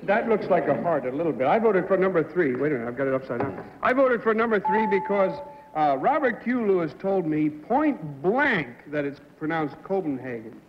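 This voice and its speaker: A higher-voiced man on a game show panel, asking questions in a joking, halting way. His voice comes through a dull 1960s TV recording in a studio with a long echo. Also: sing-song, slight background noise. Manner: joking, hesitant.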